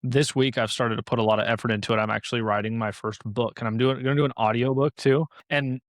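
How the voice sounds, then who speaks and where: A man's voice: medium pitch, steady tone, fast, no echo, clean studio sound. A man hosting a business podcast, talking casually and chattily with lots of fillers. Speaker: podcast host. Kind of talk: podcast interview conversation.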